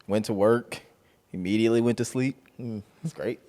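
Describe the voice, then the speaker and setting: A man's voice: fairly low pitch, normal speed, mellow. A man co-hosting a podcast who laughs often and chimes in during casual banter. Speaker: podcast co-host.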